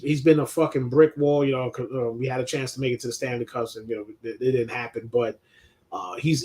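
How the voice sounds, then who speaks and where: A middle-aged man, hosting a loose live chat, reading viewer questions and talking sports with lots of swearing and restarts. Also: medium pitch. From New York. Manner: laid-back, swears freely, many restarts and laughs. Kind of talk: casual live-stream chat.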